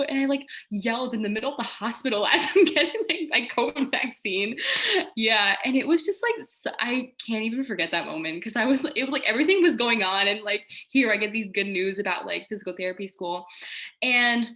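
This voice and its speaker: A woman's voice: a little high, fairly quick. A young woman in her twenties, a guest on an interview, telling a personal story casually and animatedly, acting out quotes. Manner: animated, quoting herself and others, frequent laughs. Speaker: guest, physical therapy school applicant.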